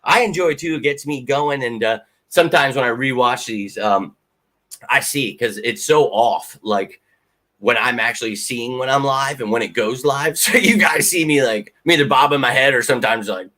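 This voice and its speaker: A man hosting a live fan Q&A stream, excitable and rambling, swearing freely as he answers viewers. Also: mid-range voice, moderate pace. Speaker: fan channel host. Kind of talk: live Q&A chat.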